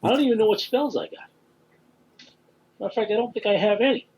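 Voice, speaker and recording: A man playing a tabletop game, eager and quick, swearing casually. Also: high voice, expressive, darkish tone, a little hiss or hum, low-quality recording. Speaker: player.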